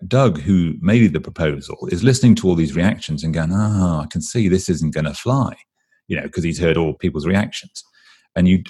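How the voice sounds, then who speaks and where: A man with an English accent, a guest expert in an interview, explaining a process briskly and acting out what people say. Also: sits low, darkish tone, husky. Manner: brisk, explanatory, acts out quoted voices.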